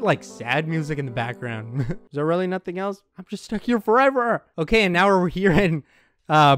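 A man with a somewhat high voice narrates a game as he plays it, talking into a headset. He is excitable and chatty, thinks out loud, and laughs often. Soft music plays faintly underneath. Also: dry recording. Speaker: let's play gamer. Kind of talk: let's play commentary.

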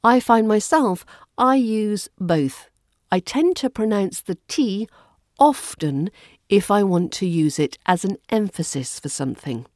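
RP English woman, podcast accent coach, mellow and measured, dry close mic. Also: medium pitch, expressive, no echo. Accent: Southern English RP. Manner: clear, measured teaching delivery. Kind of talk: scripted podcast lesson.

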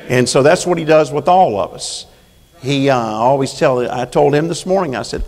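A gravelly-voiced man preaches a sermon in a church, folksy and conversational, then rising into fervent, emphatic calls to the congregation. His voice carries a long hall reverb around it. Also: mid-range voice, moderate pace, darkish tone. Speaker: prison chaplain preaching. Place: church sanctuary.

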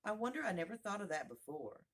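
A woman's voice: medium pitch, sing-song, fast, husky, voice pushed up. A woman playing Alice, a rambling curious girl. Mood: musing. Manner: rambling, musing aloud to herself. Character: curious chattering young girl.

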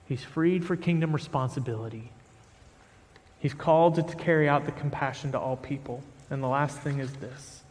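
A man's voice: medium pitch, steady tone, moderate pace, darkish tone, in a large hall. A man preaching a sermon as pastor, reading scripture with rising force and then talking plainly to the congregation in a church sanctuary.

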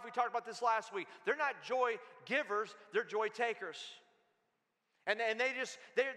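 A man's voice: very high voice, pushed and bright. A man pastor preaching a sermon in an emphatic, conversational way, repeating his phrases. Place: church sanctuary. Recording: long church-hall reverb.

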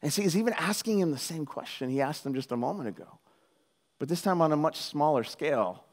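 An animated man gives a conversational sermon, joking with the congregation as he goes. His voice sits a little on the high side, and he drops into the voices of the people in his story before coming back to plain talk. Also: a little fast. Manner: animated, jokey, acts out quoted voices. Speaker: pastor.

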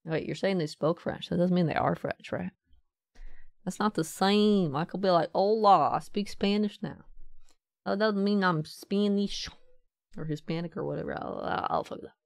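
A woman streaming a game, talking casually, swearing and joking as she rambles, now and then popping into a squeaky put-on voice. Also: moderate pace, vocal fry, a little mellow, dry recording, clean studio sound. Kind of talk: casual live-stream commentary.

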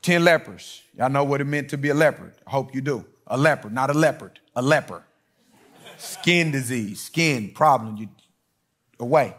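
A middle-aged pastor preaches a sermon in an animated, mid-range voice at a moderate pace. He tells stories and acts out quoted voices, swinging between loud and hushed.

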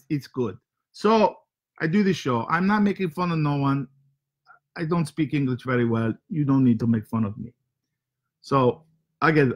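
A male talk show host voicing his made-up foreign twin brother, speaking halting broken English with a put-on foreign accent in a playful comedic monologue. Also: a little high, a bit bright.

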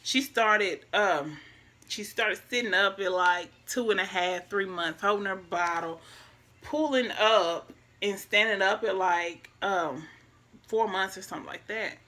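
A woman, telling a personal story in a casual, soft-spoken and reflective way, speaking straight to her viewers. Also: mid-range voice, unhurried. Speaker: vlogger.

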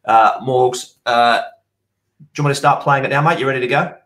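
A man's voice: medium pitch, fairly even intonation, normal speed, a bit bright. A man hosting a live online rugby show from a home camera setup, chatty and steering the segments. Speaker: show host.

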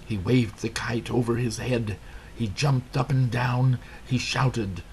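A man narrating a children's storybook aloud in a deliberate reading style. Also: medium pitch, expressive, gravelly, slight background noise. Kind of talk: scripted narration.

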